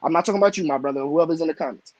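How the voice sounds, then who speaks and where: A man's voice: a little high, rapid-fire, darkish tone, no echo, dull audio. A man arguing brashly and insistently as a guest on a live talk show, often cutting in. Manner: brash, insistent, talks over others. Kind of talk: casual debate on a live show.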